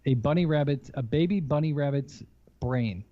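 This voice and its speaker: A man's voice: a little high, moderate pace. Teasing podcast man, slightly muffled. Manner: teasing, rambling storyteller. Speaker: podcast co-host. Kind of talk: casual chat. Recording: slightly dull, lo-fi mic.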